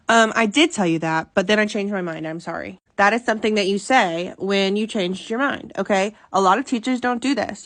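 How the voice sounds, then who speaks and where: A woman who teaches high school, giving casual advice in a chatty, sassy way with mock-sincere apologetic asides.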